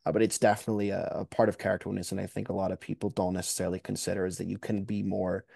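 Young man, podcast guest, low voice, relaxed, self-deprecating, dry. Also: racing, vocal fry, slightly rough, no room sound. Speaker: guest, mock trial competitor. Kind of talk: casual podcast chat.

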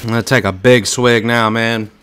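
Excitable young man ranting over gameplay. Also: medium pitch, moderate pace, a little hiss or hum. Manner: loud, excitable trash talk, swearing, bursts of shouting. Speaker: gaming streamer. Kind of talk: casual gameplay commentary.

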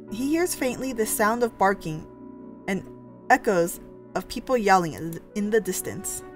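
A woman narrating a story game aloud, reading dramatically and breaking in with reactive asides. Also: mid-range voice.

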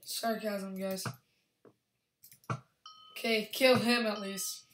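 A young woman giving excitable, rambling commentary over her own gameplay, yelling at opponents. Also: medium pitch, drawn-out words. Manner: excitable, restarts often, yells at opponents. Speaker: gaming channel host. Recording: echoey room with faint background hiss.

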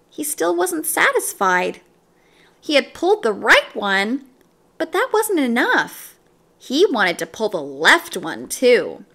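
A woman reading a children's book aloud, slow and expressive. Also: a little high. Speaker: storyteller.

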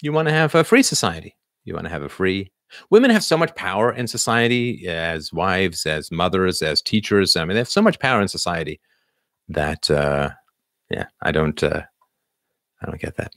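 Middle-aged guy, deep voice, chatty livestream host, lots of uhs and restarts, dry close sound. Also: very animated, moderate pace, a bit bright, dry recording. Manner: rambling, lots of fillers and restarts. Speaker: livestream host answering viewers. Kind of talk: casual live chat.

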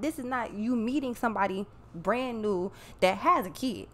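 A woman's voice: medium pitch, expressive, moderate pace, few pauses. A woman giving a casual tarot reading, talking bluntly and emphatically with plenty of swearing. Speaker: tarot reader.

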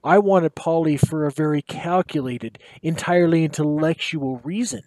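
A man, a teacher, reading a short story aloud in his basement, in a relaxed and lively way with dry humor. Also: on the high side, normal speed, dry recording. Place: home basement.

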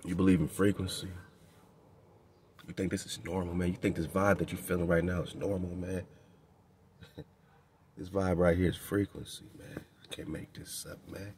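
Man, radio host, preaching-style monologue, street slang, fairly low voice, faint background noise. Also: little pitch movement, normal speed, pauses often, darkish tone. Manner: emphatic and repetitive, often ends phrases with "man"; loose street slang, chuckles between points.

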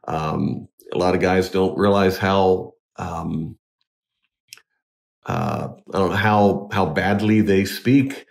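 A man, a wedding DJ, talking in a casual interview, halting with many restarts but earnest. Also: deep voice, vocal fry. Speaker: wedding DJ and MC, guest.

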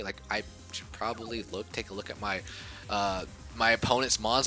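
A man giving casual commentary over a game he recorded, muttering at times and then bursting out loud, and a little short of breath. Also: fairly low pitch, moderate pace, faint music behind. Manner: excitable, swings from mumbling to outbursts. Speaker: gaming YouTuber.

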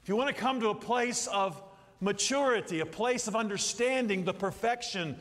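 A man's voice: high-pitched, normal speed. A middle-aged man preaching a sermon in a church, telling folksy stories and acting out little scenes as he goes. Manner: folksy, animated storytelling with acted-out asides. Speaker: pastor. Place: church sanctuary. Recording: long hall reverb.

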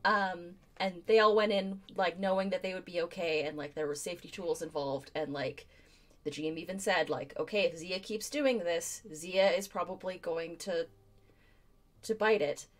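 A woman's voice: lowish voice, steady tone, moderate pace. A woman co-hosting a live stream, chatting casually and rambling with many fillers. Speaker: co-host. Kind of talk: casual chat.

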